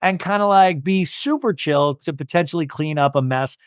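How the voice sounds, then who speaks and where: A man's voice: a little high, normal speed, clean tone, no room sound, clean studio sound. A young adult man hosting a podcast, giving a casual, jokey recap of a TV episode and acting out quotes. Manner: animated, jokey, acts out quotes. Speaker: podcast host.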